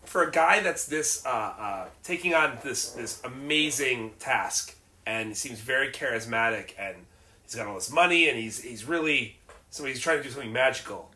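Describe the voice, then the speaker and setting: A man co-hosting a podcast in casual chat, talking in halting bursts with frequent restarts. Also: mid-range voice, rough recording. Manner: halting, restarts often, animated. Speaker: podcast co-host.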